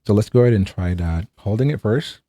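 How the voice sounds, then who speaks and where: Low, mellow-voiced man reviewing gear. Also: expressive, a little fast, no echo, clean studio sound. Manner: chatty, enthusiastic, fillers and rhetorical "right?". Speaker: tech reviewer. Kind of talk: casual product review.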